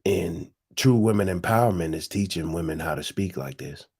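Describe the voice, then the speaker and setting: A man's voice: low-pitched, moderate pace, darkish tone, slightly rough. A man hosting his own channel, giving a profane, preachy monologue full of slang and rhetorical questions. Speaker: host. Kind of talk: casual monologue.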